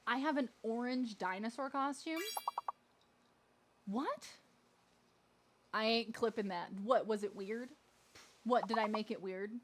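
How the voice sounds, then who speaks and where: A woman's voice: fairly high pitch, measured pace, long pauses, slight background noise. A woman streaming games, chatting playfully with her viewers and laughing often. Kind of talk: live-stream gaming chat.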